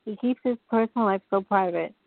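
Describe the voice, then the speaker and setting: A woman's voice: medium pitch, brisk, no room sound. A woman calling into a reading show, rambling and hesitant as she talks through her feelings. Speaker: caller. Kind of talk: phone call to a reading show. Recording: dry tinny phone line.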